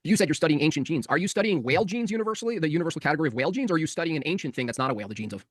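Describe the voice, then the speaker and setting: Debater, man, very fast, pushy and interrupting, dry close sound. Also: on the high side, animated, dry recording. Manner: pressing, interrupting, repeating his question. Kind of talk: heated live debate.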